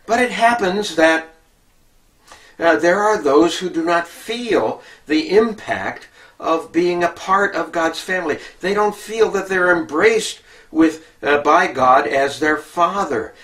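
A man preaching a Bible teaching sermon, slow and halting with many filler sounds. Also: a little high, lively intonation, fairly bright tone, recorded from a distance.

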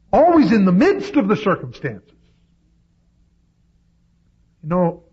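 A man preaching a sermon, swinging from loud, high-pitched peaks to low, quiet asides. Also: slightly rough. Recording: dull lo-fi recording.

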